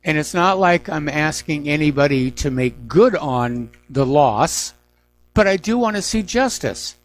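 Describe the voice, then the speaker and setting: A man's voice: fairly high pitch, lively intonation, unhurried. A middle-aged man hosting a news talk radio show, giving emphatic, indignant opinions on the day's stories.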